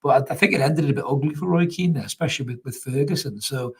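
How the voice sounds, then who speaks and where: Husky-voiced football fan. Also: male voice, medium pitch, quick pace, a little mellow. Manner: chatty, laughs often, swears casually. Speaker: fan channel host. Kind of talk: live match reaction, reading chat comments.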